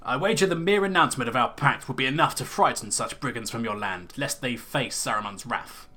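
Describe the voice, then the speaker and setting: A man doing a smooth-talking wizard's emissary. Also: mid-range voice, brisk, bright, forceful tone, natural voice. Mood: persuasive. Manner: formal, persuasive, put-on accent. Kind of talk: reading game dialogue aloud in character.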